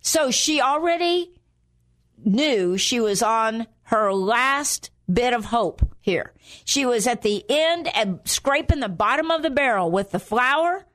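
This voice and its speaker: A woman's voice: a little high, a bit bright. A woman preaching a sermon in an earnest way, often repeating phrases for emphasis.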